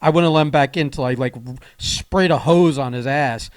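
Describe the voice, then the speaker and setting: A man's voice: fairly high pitch, dry recording. A man on a podcast chatting casually, laughing and reacting to a story. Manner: reacts with laughter and quick comments. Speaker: podcast co-host. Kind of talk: casual chat. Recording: dry recording.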